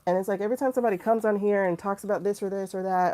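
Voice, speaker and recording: A woman hosting a livestream in casual talk, blunt and animated, laughing often. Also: mid-range voice, racing, few pauses. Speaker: livestream host.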